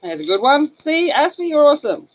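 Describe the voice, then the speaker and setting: A woman's voice: high voice, expressive, fairly quick, rough recording. A woman with an Australian accent, hosting a casual livestream and chatting to viewers about slang while she colors. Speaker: livestream host.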